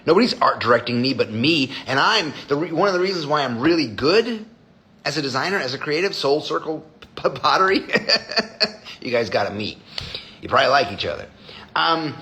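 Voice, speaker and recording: A man's voice: fairly high pitch, sharp tone. A man hosting a live stream as a designer, chatting casually with viewers in a blunt, profane way.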